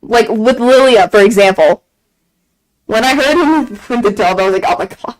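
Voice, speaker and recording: Excitable young-sounding woman streamer, higher voice. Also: normal speed, poor audio. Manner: excited gushing fan talk, frequent laughs and repeated phrases. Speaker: game streamer. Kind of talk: casual chat on a live stream.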